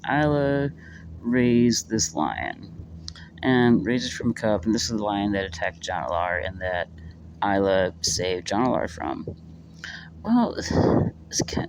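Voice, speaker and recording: A man's voice: mid-range voice, very animated, takes it slowly, creaky, a little mellow, rough recording. Rambling, swearing man with background noise. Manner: rambling, filler-heavy, swears freely, gets worked up. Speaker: book reviewer. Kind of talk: casual spoken book review.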